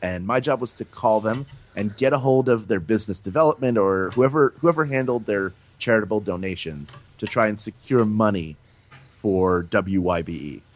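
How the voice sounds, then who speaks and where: A man being interviewed, chatting casually and telling animated stories about doing voices. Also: on the low side, normal speed. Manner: animated storyteller, breaks into playful voices. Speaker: voice actor guest.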